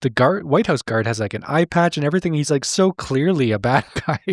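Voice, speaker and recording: A man's voice: fairly high pitch, animated, brisk, no echo, clean studio sound. A man co-hosting a comedy show, recapping an old cartoon with sarcastic, incredulous narration. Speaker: podcast co-host recapping a cartoon. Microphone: remote call mic.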